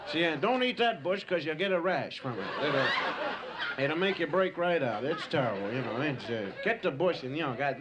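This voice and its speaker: A man's voice: a little high, big pitch swings, normal speed. Rambling male stand-up storyteller. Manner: rambling, loose, lots of asides. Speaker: stand-up comedian. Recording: hissy home tape recording.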